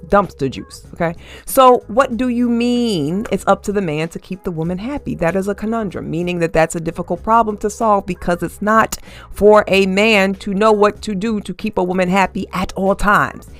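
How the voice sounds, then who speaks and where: A woman's voice: medium pitch, normal speed, faint music behind. A woman hosting her own podcast, delivering a sassy, emphatic commentary monologue with frequent laughter and casual swearing. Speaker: podcast host.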